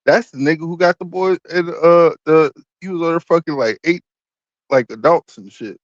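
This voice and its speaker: A man's voice: a little high, normal speed, no room sound, lo-fi sound. A man in crude, joking casual chat, co-hosting a podcast. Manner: profane, joking, loose. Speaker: podcast co-host.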